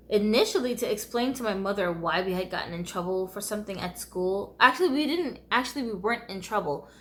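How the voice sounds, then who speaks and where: A woman's voice: mid-range voice, fairly bright tone. A woman from the United States telling her life story in a candid, conversational vlog, often laughing wryly.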